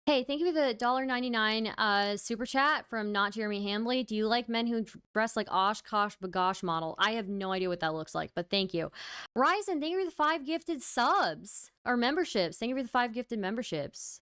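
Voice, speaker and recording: A woman livestream host chats casually with her viewers, tired and wry, often laughing at what she says. Her voice is smooth and clear. The sound is dry and close. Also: on the high side, expressive, fairly quick, a bit bright, no room sound. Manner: reads out and thanks viewer donations. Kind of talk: casual stream chat.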